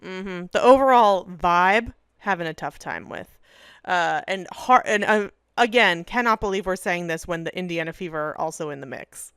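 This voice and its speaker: Smooth-voiced woman co-hosting a sports chat. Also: lowish voice, fairly bright tone, no room sound, studio quality. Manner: enthusiastic, profane, quick asides. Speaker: podcast co-host.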